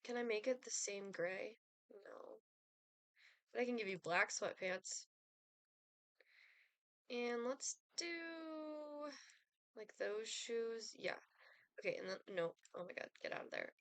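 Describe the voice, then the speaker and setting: A woman's voice: fairly high pitch, lively intonation, slow, long pauses, fairly bright tone, no echo. A young woman streaming a life-sim game, chatting casually with lots of fillers and giggles. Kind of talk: casual gameplay chat.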